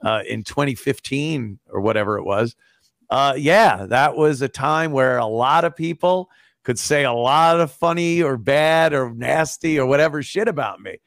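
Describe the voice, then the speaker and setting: A man's voice: medium pitch, moderate pace, a bit bright, dry recording, studio quality. A middle-aged man, a former radio host, chatting as a guest on a podcast, wry and profane, often laughing. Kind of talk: casual podcast chat.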